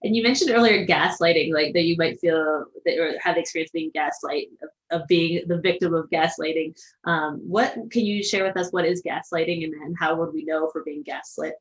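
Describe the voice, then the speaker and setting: A woman podcast host interviewing a guest, effusive and full of soft affirmations. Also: deep voice, brisk, highs cut off. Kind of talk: casual interview chat.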